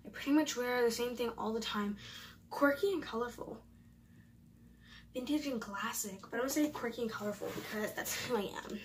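A woman's voice: fairly high pitch, distant mic, background noise. A young woman vlogging at home, chatting casually as she reads and answers quiz questions aloud. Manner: chatty, thinking aloud, reading quiz options. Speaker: YouTuber.

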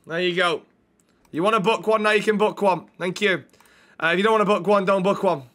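A man with a high, forceful, bright voice, streaming a police role-play. He talks loudly and cheekily, swears often, and keeps up banter with his chat. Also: fairly even intonation, a little fast. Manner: loud, cheeky, swears a lot. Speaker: streamer playing a police officer.

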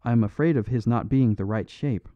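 A man's voice: mid-range voice, fairly quick, no room sound, natural voice. A man voicing a huge former thief turned detective who speaks in a heavy, blunt way. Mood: fearful. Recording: dull dry recording.

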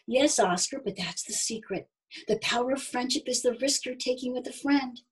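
A woman voicing a gentle young mother-to-be in a storybook, speaking softly and soothingly. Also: on the high side, moderate pace, husky, rough recording. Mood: tender. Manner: soft, soothing reassurance. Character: gentle young expectant mother, calm and wise.

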